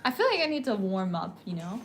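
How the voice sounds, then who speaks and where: A woman's voice: medium pitch, very animated, fast talker. A woman co-hosting a casual livestream chat, playful and giggly, trying out silly accents as she talks. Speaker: livestream co-host.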